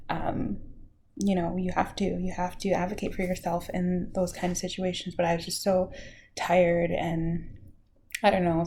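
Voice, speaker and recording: Teary mom vlogging, kinda gravelly, halting and soft, bit of hiss behind. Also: female voice, lowish voice. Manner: emotional, halting, near tears, soft at times. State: tearful. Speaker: vlogger sharing her health journey. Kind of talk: emotional personal vlog.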